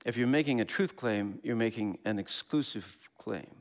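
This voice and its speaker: A man's voice: lowish voice, normal speed. A man, a Christian pastor, preaching a sermon. He tells a story and lifts his voice when he quotes others. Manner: animated, slips into quoted voices.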